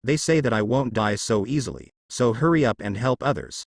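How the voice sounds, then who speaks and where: A man's voice: medium pitch, a little fast, dry recording, clean studio sound, natural voice. A man voicing a stubborn, wounded young pirate archer who brushes off his injuries.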